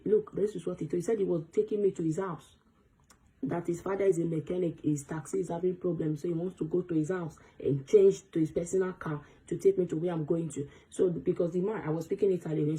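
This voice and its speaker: A woman telling a personal story to camera in a storytime vlog, fast and breathless, acting out the voices of the people she quotes. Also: deep voice, dark tone, poor audio. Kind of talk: storytime vlog, recounting an experience.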